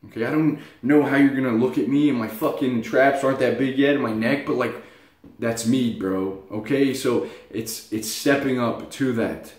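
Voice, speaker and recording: In an echoey room, a young man with a medium-pitched voice talks at normal speed for his casual self-help vlog. His motivational message is blunt and profane, delivered through animated storytelling.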